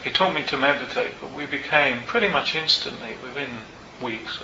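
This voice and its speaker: An older man, a meditation teacher, tells a personal story to a group in a Buddhist centre, in a reflective and unhurried way with small asides. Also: medium pitch, background noise. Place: Buddhist centre meeting room. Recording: roomy, slightly dull hall recording.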